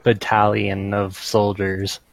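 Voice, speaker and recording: A man plays a tabletop game with friends. His voice sits low and gravelly with fry, and he jokes as he slips into his character's lines. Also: completely flat delivery, slow, dry recording, rough recording. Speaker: player. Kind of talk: casual tabletop play.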